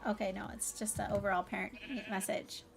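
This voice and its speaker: A woman's voice: mid-range voice, flat delivery, fairly quick, vocal fry, soft background music. A woman streamer chatting casually with her viewers, effusive and bubbly with lots of laughs and fillers. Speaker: variety streamer. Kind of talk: casual livestream chat.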